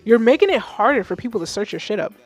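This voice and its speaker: A woman of Haitian background hosting a live music feedback stream, blunt and animated, swearing freely. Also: fairly high pitch, fast talker. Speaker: livestream host reviewing music. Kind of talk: casual livestream commentary.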